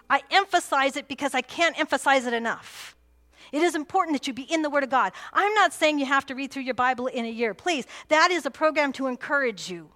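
A woman's voice: high-pitched, fairly bright tone. A woman pastor preaching a sermon, earnest and emphatic, repeating key phrases for weight.

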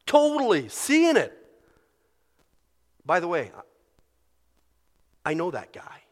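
A male preacher giving a sermon in an animated, conversational way, often acting out inner voices. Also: sits high, slow. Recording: long reverb of a large hall.

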